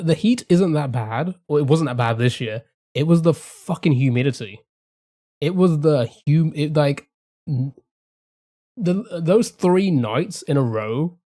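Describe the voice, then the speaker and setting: A man's voice: fairly high pitch, warm tone. A man rambling casually to his live-stream chat, swearing freely and restarting his sentences often. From England.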